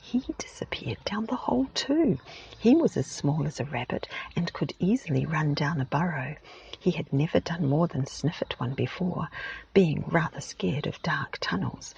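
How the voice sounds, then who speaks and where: A British woman reads a story in a soft-spoken ASMR style, her low voice gravelly and whispery. The sound is muffled and lo-fi from a parked car, with a faint baby snoring behind. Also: animated, moderate pace, a little hiss or hum. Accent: British English. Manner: whispery, gentle.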